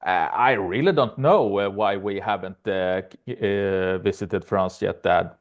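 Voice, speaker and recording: A man, a band's guitarist and lead singer, answering interview questions in English with many pauses. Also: deep voice. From Sweden.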